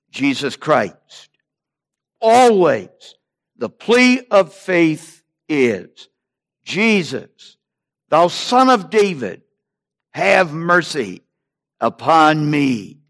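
A man preaching a sermon, slow and deliberate, rising in emphasis on repeated phrases. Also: high voice, a bit bright.

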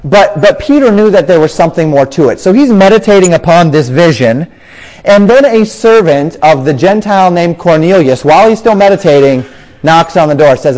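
A man delivers a sermon on scripture in a somewhat high voice. He explains each point patiently and stretches out key words to stress them. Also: lively intonation, normal speed, darkish tone, rough recording. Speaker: preacher.

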